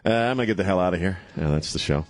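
Loose, joking low-voiced radio host. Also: male voice, rapid-fire, dry recording, soft background music. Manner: rambling, restarts words, loose and joking. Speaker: radio talk show host. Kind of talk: casual call-in radio chat. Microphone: studio microphone.

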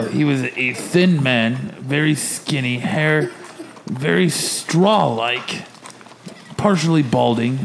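A man playing a barbarian character in a tabletop game, with a dry, deadpan delivery. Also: mid-range voice, vocal fry. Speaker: player.

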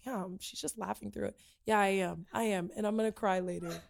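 A woman hosting a casual podcast chat, animated and laughing often, slipping into playful character voices. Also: medium pitch, brisk, gravelly, slight background noise. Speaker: podcast host.

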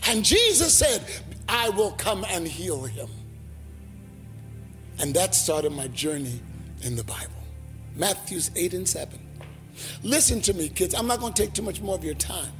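A male pastor preaching a sermon, telling lively stories and acting out voices. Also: high-pitched. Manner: animated, acts out voices in his stories. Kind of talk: sermon storytelling.

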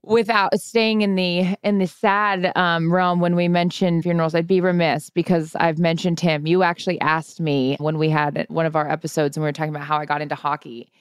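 A woman's voice: on the low side, flat delivery, a little fast, hardly any pauses, clear, resonant tone, no echo, studio quality. A woman co-hosting a podcast in casual chat, telling stories in a chatty, laughing way and swearing freely. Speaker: podcast co-host.

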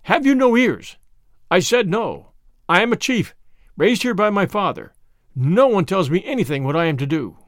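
A man's voice: high-pitched, very animated, normal speed, a bit bright, no room sound, studio quality. A man reading the lines of a proud Native chief who firmly refuses orders. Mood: defiant. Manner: firm, declaring.

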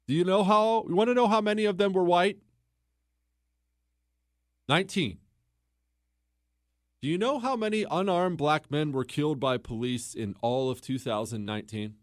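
A young male podcast host with a fairly high voice, talking straight into a dry, close recording. He delivers political commentary in an emphatic, rhetorical monologue, repeating key words and firing questions at his listeners. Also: dry recording.

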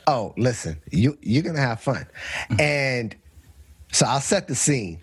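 A man hosting a casual chat, telling stories in a relaxed way and setting up the question of the week. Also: medium pitch, measured pace, husky, no room sound. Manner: relaxed storyteller who sets up questions for the others. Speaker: podcast host.

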